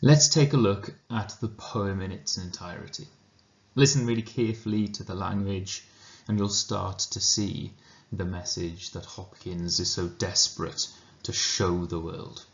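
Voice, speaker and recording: Slow, measured Welsh man teaching. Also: sits low. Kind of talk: recorded lesson and poetry reading. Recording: roomy, dull lo-fi recording.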